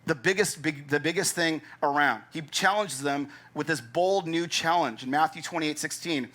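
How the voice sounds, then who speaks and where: A man's voice: fairly high pitch, moderate pace. A man preaching a sermon as pastor, emphatic and conversational, acting out his listeners' doubts. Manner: animated, acts out doubting listeners' thoughts.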